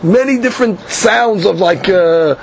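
A man leads a Talmud class, reading the old lines slowly and then explaining them in English. His voice is gravelly and pitched a little high. The recording is muffled and lo-fi, with a faint hiss underneath. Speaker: Talmud teacher.

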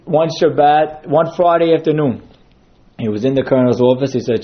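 A man's voice: fairly high pitch, normal speed, highs cut off. A man giving a sermon that centres on a told story, acting out quotes as he goes. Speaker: synagogue speaker.

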